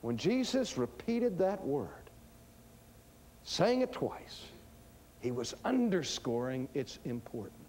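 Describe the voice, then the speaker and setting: A man delivering a teaching sermon, emphatic and dramatic, swinging between hushed lines and booming ones. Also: very animated, slow, long pauses, slight background noise. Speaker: preacher.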